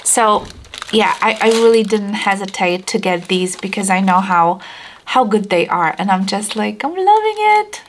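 A woman vlogger chatting casually and excitedly about new luxury shoes, often repeating herself as she gushes. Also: medium pitch, normal speed. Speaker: fashion vlogger. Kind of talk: casual shoe haul chat.

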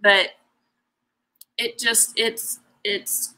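A woman's voice: fairly high pitch, flat delivery, extremely slow, sharp tone, rough recording. A woman hosting a craft show, chatting casually and emotionally to her live viewers, rambling in a heartfelt way. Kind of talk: casual live-stream chat.

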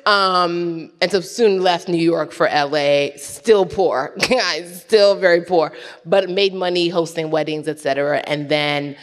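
A woman's voice: on the low side, a little slow. Nigerian-born woman telling stories in an echoey hall. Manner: animated and laughing, acts out voices. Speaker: panel guest. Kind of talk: storytelling on a panel. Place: large hall with an audience.

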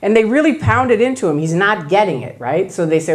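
A guest speaker gives a public talk in a mid-range voice at a slightly fast clip. She tells stories animatedly, acting out the voices of the people in them.

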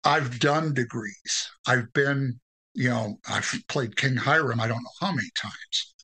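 A man, a podcast guest, telling his story in an earnest, halting way with restarts. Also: mid-range voice, sharp tone, slightly rough, rough recording. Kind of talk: conversational interview storytelling.

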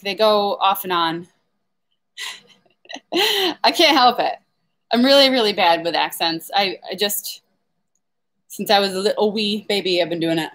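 A woman's voice: fairly high pitch, a bit bright. A woman flower farmer chatting on a casual live stream, reading viewer comments aloud and laughing often as she rambles.

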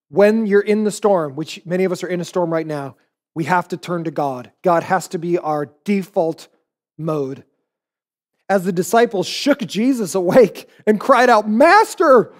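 A man's voice: high-pitched, a little mellow. A man in his forties, a pastor preaching a sermon, telling stories animatedly and acting out the voices he quotes.

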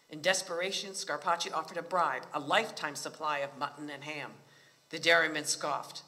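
A man reading a novel aloud at a library book talk, with a measured storytelling cadence. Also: on the high side, gravelly, bright, forceful tone, long reverb tail.

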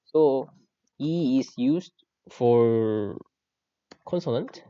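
A man with a Korean accent teaches an online lesson, switching between English and Korean words. His voice is mellow and dark. He repeats key phrases patiently, and the recording sounds a little dull. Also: mid-range voice, animated, drawn-out words, dry recording.

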